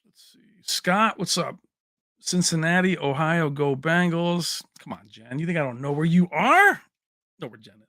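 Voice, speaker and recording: A man hosts a relaxed livestream, chatting and joking as he reads viewer comments aloud, including names and places. His voice sits a little high, bright and forward, at a moderate pace. The sound is close and dry with no room echo.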